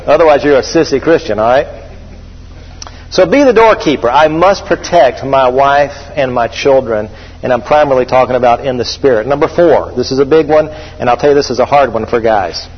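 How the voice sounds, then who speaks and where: Man, middle-aged, pastor, emphatic sermon, husky voice, long hall reverb, muffled sound. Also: mid-range voice, fairly quick. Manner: preachy, emphatic, calls out to the congregation. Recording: dull echoey hall recording.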